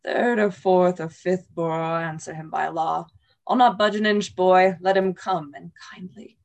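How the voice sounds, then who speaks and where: A woman's voice: fairly low pitch, fairly even intonation, measured pace, vocal fry, darkish tone. A woman reading the part of a drunk, boastful male tinker in a Shakespeare play reading, blustering and defiant.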